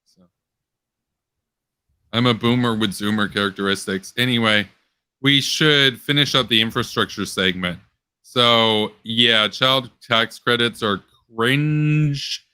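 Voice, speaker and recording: A young man hosting a casual online post-show chat, rambling and sarcastic, his pitch jumping up when he gets worked up. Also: slow, pushed and bright, clean tone, no room sound. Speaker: political commentary host.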